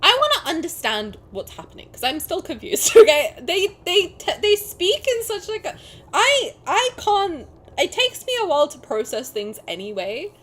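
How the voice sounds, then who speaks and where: A young woman streamer giving casual, expressive gameplay commentary and swearing and joking as she plays. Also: very high-pitched, moderate pace.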